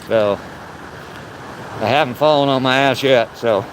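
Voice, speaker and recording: A man's voice: medium pitch, a little slow, a little hiss or hum, low-quality recording. An older man hosting a casual livestream, chatting loosely and swearing now and then as he walks down a rocky trail by a waterfall. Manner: walking down a rocky trail while talking. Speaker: livestreaming vlogger. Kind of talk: casual live-stream chat. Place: outdoor forest trail by a waterfall.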